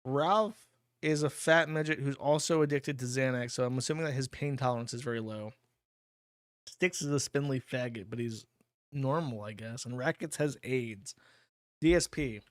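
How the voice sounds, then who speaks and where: A man's voice: mid-range voice, moderate pace, dry recording, clean studio sound. A man hosting a livestream, reading out donations and answering them in a blunt, crude, offhand way. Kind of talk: casual streaming commentary.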